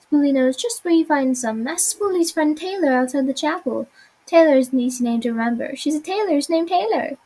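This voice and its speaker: A squeaky, bubbly little sewing creature, put on by a woman reading a game aloud. It chirps high and bright and keeps naming itself in the third person. The pitch sits well up in her range. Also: fairly quick, natural voice, poor audio. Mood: eager.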